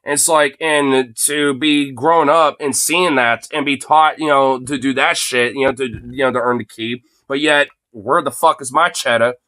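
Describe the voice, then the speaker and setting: A man's voice: medium pitch, steady tone, moderate pace, few pauses, sharp tone, no echo. A man in his late twenties livestreaming an angry, profane rant into a phone, packed with fillers like "you know" and "dude". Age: late 20s. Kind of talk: angry ranting monologue.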